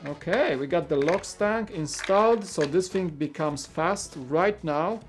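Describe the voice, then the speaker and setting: A man's voice: a little high, unhurried, faint music behind. Chatty Polish-native man streaming live. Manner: rambling, stammers and repeats words; chuckles often while talking. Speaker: livestream host. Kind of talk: casual livestream chat while building.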